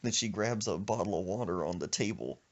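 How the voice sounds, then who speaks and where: A man telling a comic story on a podcast, animated, with casual slang and sound effects. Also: low voice, brisk, lo-fi sound. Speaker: comedian storyteller.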